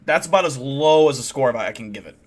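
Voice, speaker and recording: A man's voice: medium pitch, expressive, a little fast. A man hosting a live stream, reacting to a video in a ranting, profane, incredulous way. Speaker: streamer host.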